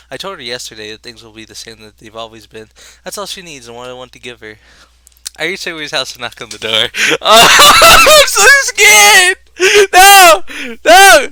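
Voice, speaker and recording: A man's voice: mid-range voice, pushed and bright, slight background noise. A man playing through a visual novel, reading the narration aloud and adding profane, joking commentary. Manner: profane, jokey, reads narration with rising emotion. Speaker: let's play host.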